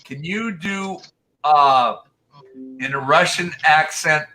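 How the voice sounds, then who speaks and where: Male live stream host, slow and chatty, bright voice, laughs a lot. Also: fairly high pitch, slight background noise, low-quality recording. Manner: laughing, reading out viewer requests. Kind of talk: casual chat.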